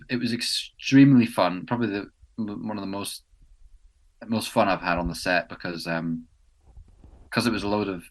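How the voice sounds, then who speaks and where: A young Englishman with a deep, fairly bright voice, an actor who co-hosts a podcast, chats casually and rambles, full of ums and restarts. He's recorded indoors on a podcast mic.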